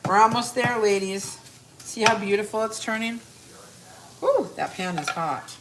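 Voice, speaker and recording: A woman's voice: medium pitch, unhurried, very noisy. Brash chatty woman cooking live. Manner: brash, joking, talks straight to viewers, swears casually. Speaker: cooking coach hosting a live stream. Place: home kitchen at the stove.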